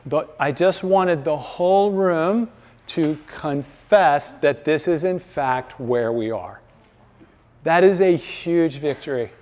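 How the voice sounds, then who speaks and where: A man's voice: on the high side, slow, a little mellow. A man giving a faith-based talk to a live audience, telling stories conversationally and acting out quoted dialogue. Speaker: speaker. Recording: long reverb from a large hall.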